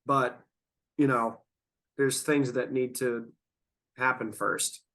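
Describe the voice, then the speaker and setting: Man podcast host, stoned, rambling, slow drawn-out delivery with frequent laughs. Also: mid-range voice, fairly even intonation, a bit bright. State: stoned and yawning. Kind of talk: casual podcast chat.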